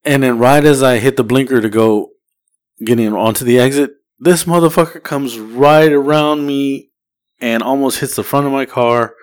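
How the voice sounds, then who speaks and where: Male podcast co-host, mid-pitched, swears freely while spinning a long casual anecdote. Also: normal speed, clean tone. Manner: profane, rambling anecdote-telling. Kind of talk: casual storytelling.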